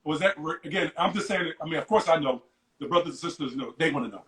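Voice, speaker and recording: A man's voice: a little high, lively intonation, fast talker, a bit bright, reverberant. A male host on a casual live video chat, enthusiastic and affectionate, often repeating his words. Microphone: video call.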